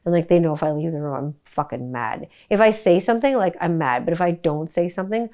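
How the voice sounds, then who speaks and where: A woman's voice: on the low side, quick pace. A woman in her forties hosting a podcast, telling a family story in a casual, rambling way with lots of swearing and filler words. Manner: animated, profane, rambling with many "like" fillers. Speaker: podcast host.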